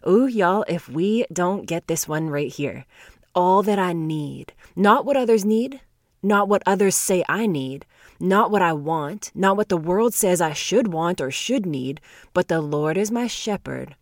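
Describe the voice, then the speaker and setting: A woman teaching on scripture in a devotional talk to her viewers, earnest and emphatic, slowing down to stress key words and laughing lightly between points. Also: on the low side, lively intonation, no echo, studio quality. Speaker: Bible teacher.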